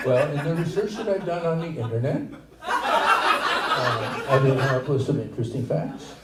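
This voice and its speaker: An older man performing a stand-up comedy set in a small venue, with a rambling, halting delivery full of asides. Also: mid-range voice, very animated, very noisy. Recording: echoey room, distant mic, loud ambience. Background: audience laughter.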